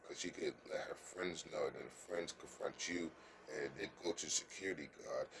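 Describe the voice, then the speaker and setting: Here the man's pitch is extremely low, with a faint hiss or hum in the recording. Coaching earnestly, he shares casual dating advice with the camera, halting, tripping over words, repeating them, and repeatedly checking "you understand?"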